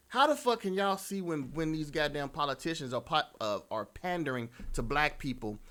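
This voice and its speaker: A man's voice: mid-range voice, a bit bright. A man hosting reaction commentary, ranting with profanity and exasperation. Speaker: commentary host.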